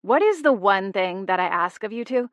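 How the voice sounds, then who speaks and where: A woman's voice: medium pitch, lively intonation, normal speed, dry recording, lightly acted. A woman doing an exasperated young heroine. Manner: firm, scolding. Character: exasperated young woman florist, sharp-tongued.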